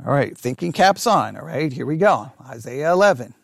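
A man teaching a Bible class, thinking out loud and checking in with listeners often for agreement. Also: on the high side, very animated, normal speed, creaky, dry recording, studio quality. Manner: talks through ideas out loud with restarts.

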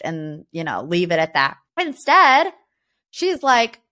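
A woman's voice: on the high side, wildly swooping pitch, slow, bright, forceful tone. A woman hosting a podcast in casual pop-culture commentary, sarcastic and opinionated, firing off rhetorical questions and peppering her talk with "you know" and "like.". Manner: chatty, frequent "you know" and "like". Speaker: podcast host.

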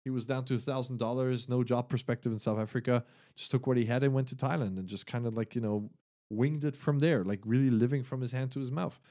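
A man in relaxed conversation, laughing a lot and swearing freely. He tells his stories in an animated way, acting out little quotes as he goes. His voice sits at a middle pitch. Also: quick pace. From Germany. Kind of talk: casual chat.

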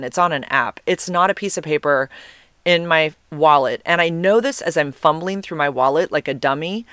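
A woman's voice: sits low, fairly bright tone, dry recording, clean studio sound. A woman telling a personal story in a casual, rambling way, with many restarts and bursts of laughter.

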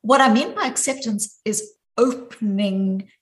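A woman's voice: on the high side, poor audio. Thoughtful, emphatic woman psychologist. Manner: thoughtful, emphatic, slows down for key points. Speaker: psychologist guest. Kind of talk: podcast interview.

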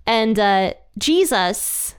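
A woman's voice: medium pitch, expressive, very slow, smooth. A woman hosting a Bible study, explaining scripture in a chatty way with light laughs between points. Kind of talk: casual Bible teaching.

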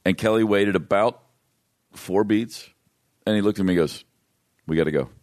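A man's voice: fairly low pitch, fairly even intonation, moderate pace, darkish tone. A man, a touring musician, telling a long story in casual chat, with restarts and laughs. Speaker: guest musician.

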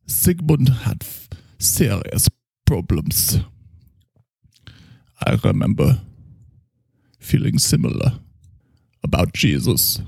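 A pompous, tipsy German psychoanalyst, as a man puts him on, drawls out grand boasts in a heavy mock German accent. The voice is gravelly and husky with a lively, swooping pitch, and the room is dry and close. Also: dry recording, heavily acted. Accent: put-on German. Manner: slow, grandiose, slurring boasts. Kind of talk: improvised comedy character.

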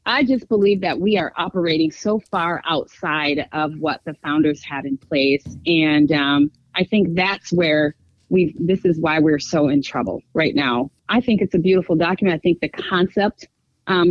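A woman guest on a podcast, upbeat and quick to laugh, turning earnest when she explains her views. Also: on the low side, dry recording, dull audio. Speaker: congressional candidate guest. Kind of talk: casual podcast conversation.

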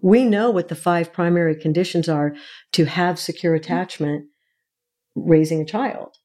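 Appearing as a guest expert in an interview, a middle-aged woman with a somewhat low, mellow voice explains things earnestly like a teacher. She counts through her points one by one at a moderate pace.

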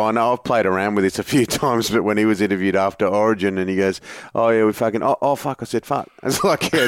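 A man's voice: on the low side, no echo, clean studio sound. An Australian man hosting a sport radio show, chatting casually and laughing often as he talks. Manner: jovial, laughs often while talking.

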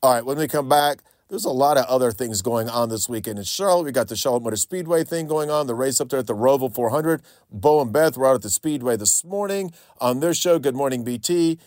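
A man's voice: medium pitch, a little fast, hardly any pauses, a little mellow, no echo, studio quality. Opinionated talk radio host, man. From North Carolina. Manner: conversational, repeats himself, opinionated. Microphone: studio microphone.

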